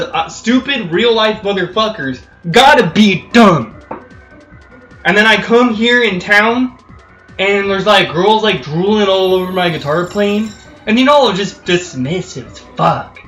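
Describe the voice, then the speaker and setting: Man ranting, swearing, in an echoey room. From California. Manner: profane, heated, swinging between loud outbursts and low muttering. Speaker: game streamer. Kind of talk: angry live-stream rant. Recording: echoey room with faint music.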